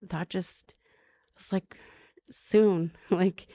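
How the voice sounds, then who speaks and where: A middle-aged woman with a lowish voice tells a personal recovery story on a podcast. She speaks haltingly, circling back with fillers and restarts. The sound is dry and close, with no room around her. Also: steady tone, a little mellow, no echo. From Canada. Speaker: podcast guest.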